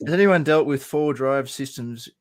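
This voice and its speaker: Australian male host, relaxed, conversational, reads out chat questions. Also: medium pitch, moderate pace. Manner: easygoing, reads out chat questions, laughs along. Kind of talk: casual chat on a livestream.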